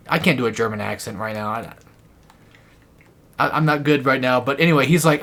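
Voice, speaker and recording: A man's voice: brisk, long pauses, a bit bright. A young man chatting casually while playing a co-op game, retelling cartoon scenes with frequent laughs. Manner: rambling storyteller, laughing, quoting cartoon lines in high put-on voices. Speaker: co-op gamer. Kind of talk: casual chat while gaming.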